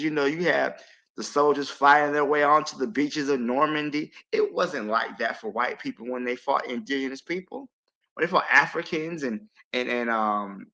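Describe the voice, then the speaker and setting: A man speaks on a livestream podcast panel with a gravelly, forceful edge. He works through his point patiently and earnestly, with a lecturing tone. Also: a little high, normal speed, muffled recording. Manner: earnest, lecturing, building arguments with asides. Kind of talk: casual podcast discussion.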